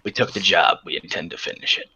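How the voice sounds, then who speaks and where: A man's voice: deep voice, quick pace, vocal fry, highs cut off, noisy background. A man playing a tabletop game over an online voice call, brash and joking and swearing freely. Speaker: player. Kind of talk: casual game chat.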